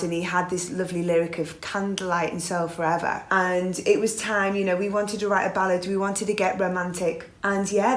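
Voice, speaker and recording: A chatty woman from England in her forties tells stories about her career as a pop singer. She has a middle pitch and an easy, laughing way of talking. The room around her sounds roomy and reverberant. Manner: chatty, warm-hearted storytelling with laughs. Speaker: guest singer. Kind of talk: casual interview chat.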